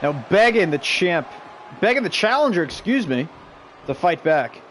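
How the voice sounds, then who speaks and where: A man hosting a stream and calling video game wrestling play by play, excitable and shouting the big moves while chatting with viewers. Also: high voice, normal speed, slight background noise. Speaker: stream host and play-by-play commentator.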